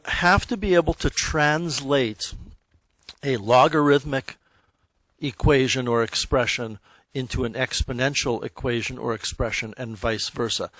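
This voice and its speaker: In a classroom, a high school math teacher gives his lesson in a loose, conversational style, correcting himself as he goes and checking in with students often. His voice is mid-range and fairly bright, and the recording is dry.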